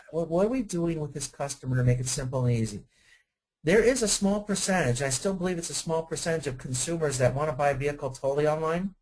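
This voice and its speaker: His voice sits a little high, and the recording is low-quality. He's a dealership sales trainer presenting a webinar to car sales staff, keeping it energetic and conversational with a steady stream of rhetorical questions.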